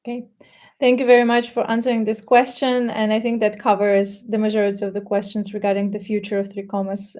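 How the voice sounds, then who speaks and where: A woman's voice: on the high side, darkish tone. A woman moderating a live Q&A, politely reading out audience questions.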